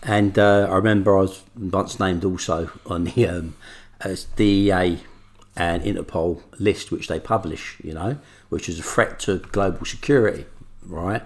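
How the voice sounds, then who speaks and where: A man's voice: deep voice, steady tone, normal speed. A man speaking as an interview guest, earnest and reflective as he looks back on his past. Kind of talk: interview talk.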